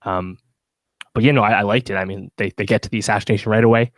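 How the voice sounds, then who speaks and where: Low-voiced man rambling through a review. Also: steady tone, fast, dry recording. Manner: rambling, many fillers and restarts. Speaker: podcast co-host. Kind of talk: casual review chat.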